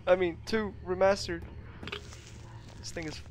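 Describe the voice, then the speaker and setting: A man whose first language is Russian talks his way through a game live, with lots of self-talk, sudden exclamations and small laughs. His voice sits a little high for a man, and he speaks in a slow, drawn-out way. A faint hiss of noise lies under the recording. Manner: excitable, talks to himself, exclaims and chuckles often. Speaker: let's play gamer. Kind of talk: live gaming commentary.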